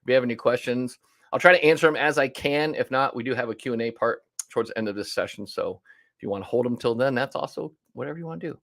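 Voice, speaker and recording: A man's voice: medium pitch, fast talker, fairly bright tone. A man coaching restaurant owners in an online workshop, with a mid-range voice. He talks in a punchy, conversational way and slips into little back-and-forth scenes acting out client calls.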